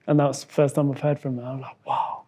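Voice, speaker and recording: A man from Somalia, a guest in an interview, telling a personal story in a halting way, repeating words and acting out what others said. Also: mid-range voice, little pitch movement, warm tone. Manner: halting, repeats words, acts out quoted dialogue.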